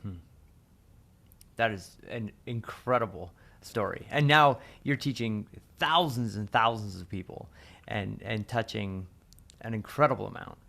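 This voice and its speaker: Male podcast host, gravelly voice, lowish pitch, short affirming interjections. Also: measured pace, sharp tone. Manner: brief affirming interjections, thanks the guest.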